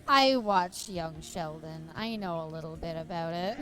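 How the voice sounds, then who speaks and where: A woman's voice: on the low side, a little slow, fairly bright tone, soft background music. A young woman streamer chatting casually while playing, giggling often and swearing freely.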